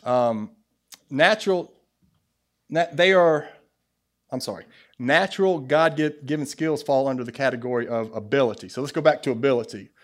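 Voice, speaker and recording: A man with a Southern US accent preaching a sermon to his church, lively, with asides and jokes to the congregation. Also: mid-range voice, moderate pace. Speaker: pastor. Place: church sanctuary.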